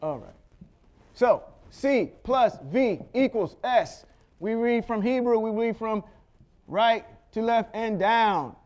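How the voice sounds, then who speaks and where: A man's voice: high-pitched, slow pace, a little mellow. A man giving a Torah study lesson, walking through Hebrew letters and vowels patiently, checking in with "okay?" and tossing in small jokes. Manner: patient, step-by-step explaining with frequent "okay?" checks. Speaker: Bible teacher.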